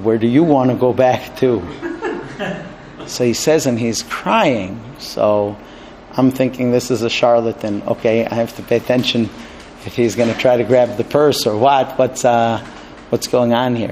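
A man's voice: mid-range voice, darkish tone, slight background noise. A man teaching a Torah class, earnest and conversational, telling a personal story. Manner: earnest, storytelling, with restarts and light laughs.

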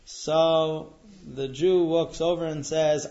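A man telling a traditional religious tale in a relaxed way, pausing on fillers. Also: a little high. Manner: relaxed, with frequent fillers and restarts. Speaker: storyteller. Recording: dull lo-fi recording.

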